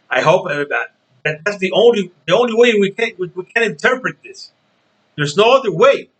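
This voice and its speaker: Poor audio captures a man presenting his boxing vlog, talking informally straight to the camera. The tone is bright and sharp, pitched a touch high. Emphatic throughout, he repeats himself and keeps asking "okay?".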